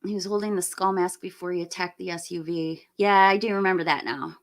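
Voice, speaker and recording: A woman's voice: fairly low pitch, fairly even intonation, a little fast. A woman in her forties hosting a live stream, giving blunt, opinionated movie talk and breaking into laughing rants. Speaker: livestream host. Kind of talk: casual live movie review chat.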